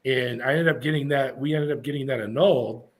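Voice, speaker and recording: A man's voice: mid-range voice, brisk. A middle-aged man, a podcast guest, telling stories casually and acting out the other people's lines. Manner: animated storyteller acting out quoted voices. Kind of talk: casual storytelling.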